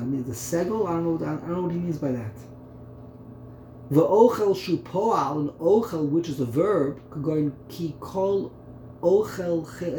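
A man's voice: on the high side, warm tone. A man teaching a text study lesson, thinking aloud and repeating words as he works through the terms. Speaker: Torah teacher. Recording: echoey room, faint background hum.

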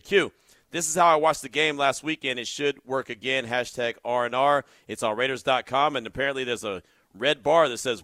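A man hosting a call-in sports radio show, energetic and animated, speaking from a radio studio. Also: mid-range voice, no echo. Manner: energetic, animated, shouts when excited. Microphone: studio mic.

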